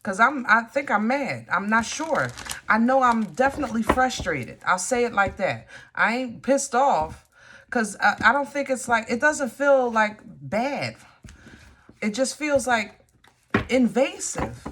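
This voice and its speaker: A woman giving a tarot reading straight to her viewers, animated and blunt, cursing when frustrated. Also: a little high, measured pace, noisy background. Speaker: tarot reader.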